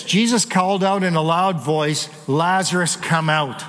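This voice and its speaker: A pastor preaching a sermon, building to emphatic points and dropping in light jokes. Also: male voice, fairly high pitch, fairly bright tone, big-room sound.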